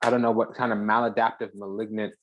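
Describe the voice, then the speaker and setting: A spiritual channel host giving a heated, profane reading, swinging between loud declarations and hushed asides with dramatic pauses. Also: medium pitch, level tone, a little hiss or hum.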